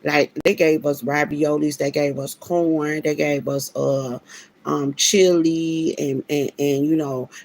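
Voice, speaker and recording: Gravelly-voiced woman preaching about karma. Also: sits low, level tone, slow pace, darkish tone. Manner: emphatic, preachy, slangy, with many restarts. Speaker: vlogger. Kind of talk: casual spiritual storytelling.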